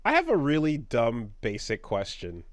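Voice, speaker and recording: A man's voice: medium pitch, huge pitch swings, moderate pace, no room sound, studio quality. A man co-hosting a casual podcast, asking curious questions. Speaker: podcast co-host. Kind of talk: casual chat.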